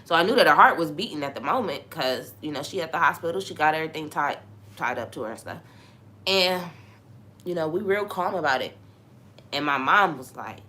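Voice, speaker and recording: A young woman hosting a podcast, talking in a relaxed, conversational way about faith and sometimes dropping into a hushed voice when she tells a story. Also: low voice, a little fast, a little hiss or hum. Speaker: podcast host. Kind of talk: casual spiritual talk.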